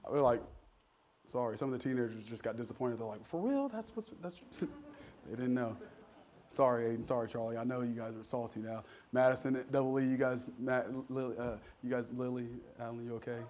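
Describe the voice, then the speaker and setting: A male pastor preaching a sermon in a conversational, storytelling way, joking with the congregation and rising to sudden loud, emphatic peaks. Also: mid-range voice, flat delivery, quick pace, a little hiss or hum. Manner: jokes with the congregation.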